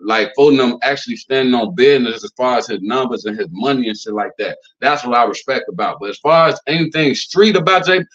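A man's voice: brisk, hardly any pauses, a bit bright. Blunt profane man ranting casually. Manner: blunt, loose and profane, lots of fillers; acts out quotes in a higher voice. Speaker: commentary channel host. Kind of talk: casual commentary rant. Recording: slightly dull lo-fi recording.

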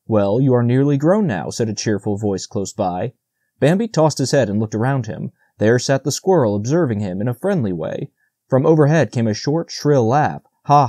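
A man narrating an audiobook in a steady, measured reading. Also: mid-range voice, husky, no echo, clean studio sound.

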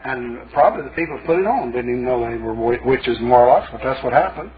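A male pastor preaches a sermon in a folksy, colloquial storytelling style, with a medium-pitched, animated voice at a quick pace. The recording sounds like a lo-fi, phone-like sermon tape.

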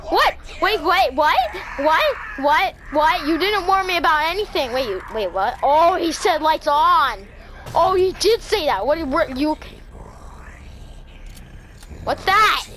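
A woman commentating her horror game playthrough, excitable and jumpy, screaming when startled and talking to herself and the game. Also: high voice, unhurried, noisy background. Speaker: gaming channel host. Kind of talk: let's play commentary.

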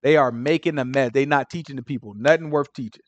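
Speaking quickly in a mid-range voice, this Bible teacher runs a relaxed study session, often tossing in "right?" and voicing the Pharisees in street slang.

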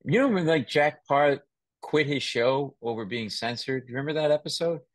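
Animated male podcast host, dry sound. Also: fairly high pitch, moderate pace, no echo. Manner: animated storyteller, laughs often and mimics voices. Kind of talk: casual chat.

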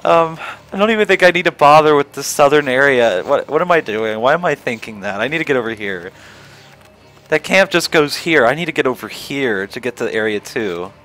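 A man's voice: mid-range voice, lively intonation, fairly quick, fairly bright tone, faint music behind. A man narrating his strategy game run in casual let's play commentary, swearing, trash-talking enemy units and laughing at his own jokes. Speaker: gamer.

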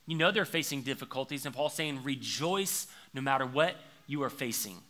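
A young man preaching a conversational sermon as pastor, shifting between quiet reflection and lively storytelling. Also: medium pitch, moderate pace. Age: young adult.

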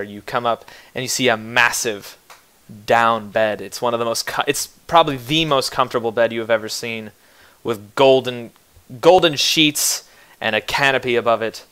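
A man's voice: mid-range voice, moderate pace, fairly bright tone, clean tone. A man runs a tabletop game as game master, narrating scenes in a loose, casual way. He jokes and restarts his phrases often. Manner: casual, joking, with many restarts.

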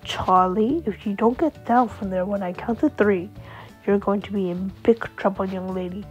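A woman voicing a gentle but firm young father who coaxes and scolds his little daughter. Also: medium pitch, moderate pace, highs cut off, faint music behind, natural voice. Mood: scolding. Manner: coaxing, scolding when needed.

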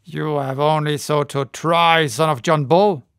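A man reading an audiobook, voicing a brash, insolent American colonel in a loud, taunting voice. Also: on the high side, animated, measured pace, vocal fry, no echo, studio quality, full character voice.

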